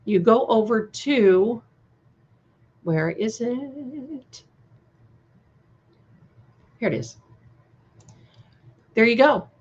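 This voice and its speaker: Her voice is fairly high, husky, and expressive, delivered very slowly with long pauses. She co-hosts a live stream premiere chat, casually responding to viewer comments and frequently starting over. Sound quality is slightly dull and lo-fi.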